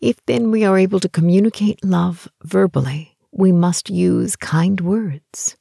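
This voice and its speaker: Woman, audiobook narration, soft gentle delivery, whispery, dry close sound, gravelly. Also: lowish voice, unhurried, dry recording. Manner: soft, gentle reading that often drops to a whisper. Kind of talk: scripted narration of a relationship book.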